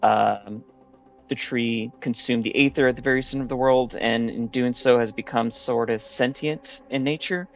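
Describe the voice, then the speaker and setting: A man with a gravelly voice at an ordinary pitch, casually recapping the last session of a tabletop game. He rambles along with many fillers and false starts. Soft music plays behind him. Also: fairly even intonation, moderate pace.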